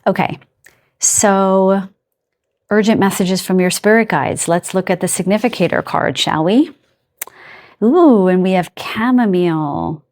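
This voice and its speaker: A woman giving a casual card reading to her viewers, gentle and affectionate, laughing softly as she rambles and restarts her sentences. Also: medium pitch, measured pace. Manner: loose and rambling, trailing off and restarting. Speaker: tarot and oracle card reader.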